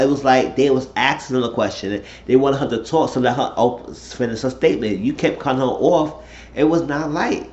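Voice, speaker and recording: A man's voice: medium pitch, moderate pace, a little mellow, a little hiss or hum. A man casually recapping a reality TV episode, rambling through the story in loose, slangy talk. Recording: roomy, dull lo-fi sound.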